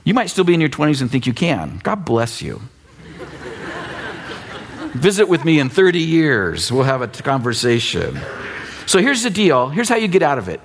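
A man in his fifties preaching a sermon as pastor, in a conversational, animated way with teasing asides. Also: on the high side, moderate pace, pauses often. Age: 50s.

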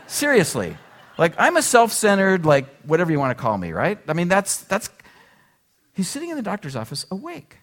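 A man's voice: high-pitched, moderate pace. A male pastor preaching a sermon to his congregation in a casual, conversational way, full of asides and rhetorical questions. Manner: conversational, animated, frequent "like" and "right?".

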